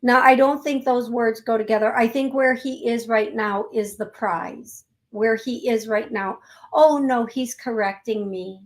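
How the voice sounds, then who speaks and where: A woman hosting a call-in show, giving a psychic reading in a gentle, chatty way and spelling words out letter by letter. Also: on the high side, steady tone, measured pace. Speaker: psychic medium host.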